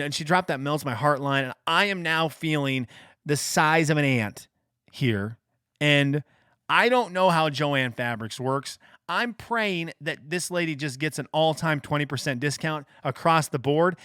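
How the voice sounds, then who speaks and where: A man's voice: medium pitch, a bit bright, dry recording, studio quality. A man hosting a podcast, telling a casual, rambling, self-mocking story and quoting the people in it. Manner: rambling, self-mocking retelling with quoted dialogue. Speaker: podcast host.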